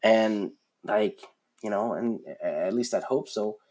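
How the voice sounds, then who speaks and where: A man's voice: on the low side, measured pace, darkish tone. A man in his forties, a guest on a podcast, telling stories in a frank, rambling way with lots of fillers and restarts. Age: 40s. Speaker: guest, concert production manager. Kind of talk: casual storytelling in a podcast interview.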